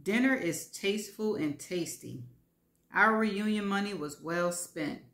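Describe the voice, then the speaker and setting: A woman's voice: medium pitch, lively intonation, unhurried, fairly bright tone. A woman reading a first-person story aloud in a frank, wry manner. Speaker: host and reader. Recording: roomy echo.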